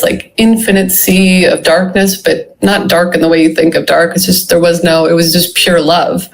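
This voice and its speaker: A woman's voice: lowish voice, vocal fry, slight background noise, rough recording. A woman being interviewed about her memoir, telling a personal story in a reflective way, full of "you know" and "like". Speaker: guest, memoir author.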